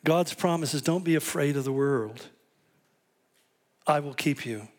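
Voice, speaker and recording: A man's voice: fairly high pitch, measured pace. A man preaching a sermon, telling stories and acting out quoted voices with animation. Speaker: pastor.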